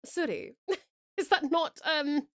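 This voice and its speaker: A woman's voice: sits high, animated, slow pace, a bit bright, no echo. An Australian woman from Tasmania chatting casually and playfully on a live stream, self-deprecating, close to a desk microphone.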